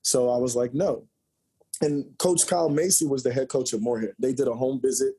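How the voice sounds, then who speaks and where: A man in his forties tells stories from his playing days as a podcast guest, lively and joking. His voice is husky and mellow, never sharp. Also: medium pitch, quick pace. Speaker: podcast guest, former college basketball player. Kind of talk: storytelling interview chat.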